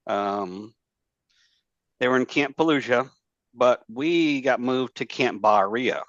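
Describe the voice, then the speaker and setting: A man's voice: mid-range voice, slow pace, a bit bright, no echo. A man telling war stories as a podcast guest, rambling and profane, with lots of fillers and restarts. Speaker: podcast guest, former Marine. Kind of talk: casual storytelling chat. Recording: dull lo-fi dry sound.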